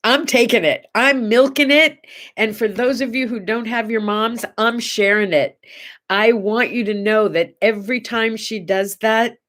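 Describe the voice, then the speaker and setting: A woman's voice: fairly high pitch, a little slow, fairly bright tone. A middle-aged woman hosting a casual morning chat show, chatty and tender, rambling with little asides. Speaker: host.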